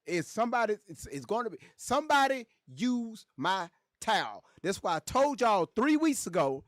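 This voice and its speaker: A man riffs loudly with his livestream chat, repeating lines for laughs. His voice sounds close and dry, with no room echo. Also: extremely high pitch. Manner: loud, joking, animated, repeats phrases. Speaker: livestream host reading chat.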